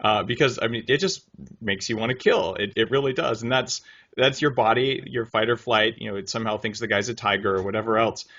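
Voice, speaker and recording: Low-voiced male podcast host. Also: fairly quick, highs cut off. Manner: relaxed, affirming with short "yeah"s and laughs. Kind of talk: conversational interview.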